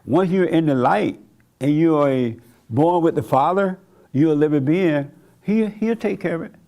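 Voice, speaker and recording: A man's voice: fairly high pitch, moderate pace, darkish tone, lo-fi sound. A man preaching a sermon in a conversational way, chuckling often and acting out the voices of people he quotes. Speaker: pastor.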